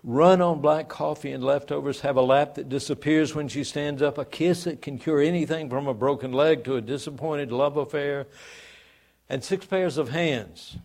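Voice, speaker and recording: A man voicing God as a patient, proud Creator, listing items briskly and reading in a storytelling sermon. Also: fairly high pitch, a little mellow, natural voice.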